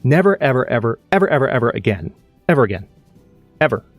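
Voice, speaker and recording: A man's voice: medium pitch, very animated, quick pace, no room sound, soft background music. A man hosting his own live stream, chatting casually and animatedly, rambling with restarts while he plays a game. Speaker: streamer and channel host.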